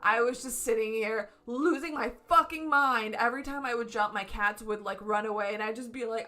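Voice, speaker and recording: A woman's voice: fairly high pitch, fairly quick, hardly any pauses, sharp tone. A woman streaming from home, reviewing a concert in a casual, gushing way and swearing freely. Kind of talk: casual excited review chat. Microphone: camera setup at home.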